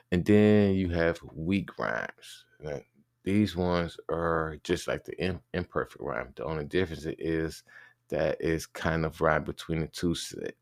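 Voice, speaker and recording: A man giving an informal spoken lesson, halting and restarting often, spelling words out letter by letter. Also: extremely low pitch, gravelly, dry recording, studio quality. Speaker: teacher explaining rap rhyme schemes.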